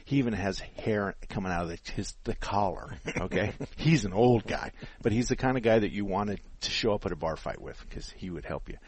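A man's voice: fairly low pitch, lively intonation, brisk, few pauses, husky. A man in his sixties hosting a call-in radio show, telling stories in casual chat, laughing often and acting out the people he quotes.

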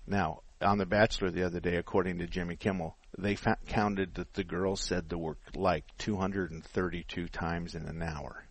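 Man, 60s, radio host, husky, lowish pitch, dry close sound, chatty storyteller. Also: steady tone, moderate pace, few pauses, dry recording. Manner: storytelling, laughs often, acts out quotes. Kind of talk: casual call-in radio talk.

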